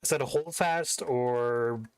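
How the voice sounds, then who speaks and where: A young male game streamer chats casually while streaming, rambling, cursing, and cutting himself off. His mid-range voice is very slow with a clean tone, recorded dry on a desk mic.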